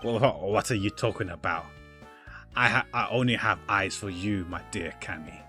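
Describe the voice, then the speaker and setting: A man voicing a smooth-talking middle-aged airline captain in a game, with a slow, suave drawl. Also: on the low side, bright, forceful tone, soft background music, pitched below the performer's own voice.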